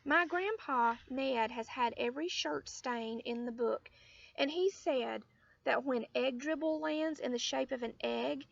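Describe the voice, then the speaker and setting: A woman's voice: sits high, unhurried, creaky, dry recording, heavily acted. A woman voicing a plotting, dramatic little boy in a storybook reading. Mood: proud. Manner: dramatic, plotting, drops to a whisper. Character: scheming little boy Sheldon. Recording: dull lo-fi audio.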